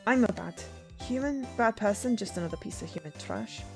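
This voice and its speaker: A woman's voice: fairly high pitch, moderate pace, music in the background, close to an everyday voice. A woman voicing a gloomy, self-loathing young woman who calls herself trash, with a mopey muttering manner.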